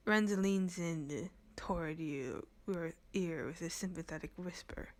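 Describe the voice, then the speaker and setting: A woman's voice: on the low side, measured pace, few pauses, a little mellow. A woman reading a story game aloud with giggly asides between the lines.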